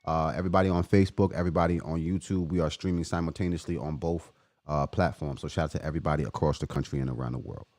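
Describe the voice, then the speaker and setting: A man hosting a casual livestream, chatting loosely and giving shout-outs to viewers by name. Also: a bass voice, fairly even intonation, fast talker, no echo. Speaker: livestream host.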